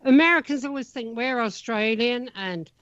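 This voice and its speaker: A woman's voice: a little high, a bit bright, no room sound, highs cut off. A woman co-hosting, cracking jokes and teasing asides. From England. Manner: joking, teasing, quick asides. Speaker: podcast co-host. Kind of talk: casual interview chat.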